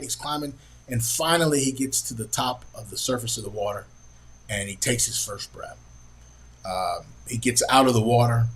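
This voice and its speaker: A middle-aged man hosting a podcast, telling a family story in an earnest, halting way with many pauses and fillers. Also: mid-range voice, rough recording. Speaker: podcast host. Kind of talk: personal storytelling.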